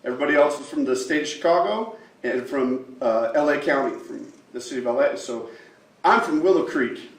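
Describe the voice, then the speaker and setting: A man in his forties from Utah testifying at a legislative hearing, emotional and halting, with many pauses and fillers. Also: medium pitch. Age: 40s. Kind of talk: public testimony. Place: large legislative hearing room. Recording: echoey room, far from the mic.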